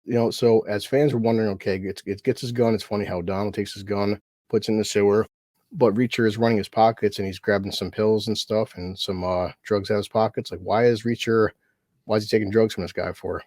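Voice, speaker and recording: Man, low voice, casual rambling recap talk, swears a lot, dry sound. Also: fairly even intonation, brisk, darkish tone, no echo. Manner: rambling, profane, acts out scene quotes. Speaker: podcast host. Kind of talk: casual show recap chat.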